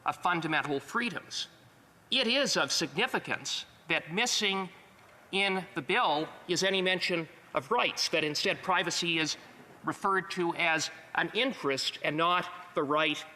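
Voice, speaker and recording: A man delivers a formal, emphatic speech to a legislative chamber. His voice sits a little high and rings bright and forceful. The recording carries the long reverb of a large hall. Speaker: member of parliament.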